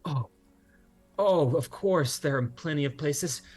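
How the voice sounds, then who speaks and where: Flustered devout hostess, woman in middle age, apologetic, high and animated; a man plays her. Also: takes it slowly, breathy edge, soft background music. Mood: eager. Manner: fluttery, apologetic, rising into high exclaims.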